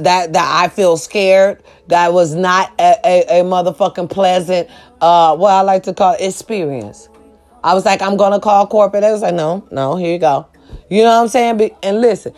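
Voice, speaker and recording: A woman telling a story to her viewers in a casual rant, swearing a lot and acting out what people said. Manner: profane, loud, dramatic, addresses viewers as y'all; acts out quoted voices with big pitch jumps. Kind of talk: animated storytime rant to camera.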